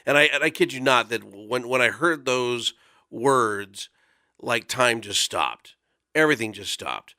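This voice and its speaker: A man's voice: medium pitch, lively intonation, measured pace, bright, forceful tone, no echo, studio quality. A man in his forties tells a personal story as a radio guest, earnest and conversational, with many fillers. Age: 40s. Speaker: volunteer guest speaker.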